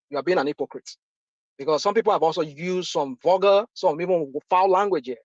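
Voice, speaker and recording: A Nigerian man in his fifties with a high voice argues bluntly and with passion, repeating himself to drive each point home. The audio is dry and dull, like lo-fi voice-chat sound. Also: no room sound. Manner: impassioned, repetitive, blunt. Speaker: discussion panelist. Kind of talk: heated live audio chat.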